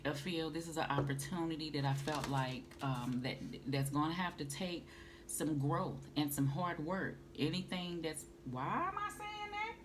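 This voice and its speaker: A woman, doing a casual tarot reading and calling the listener honey and baby. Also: low voice. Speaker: tarot reader. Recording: noisy home recording.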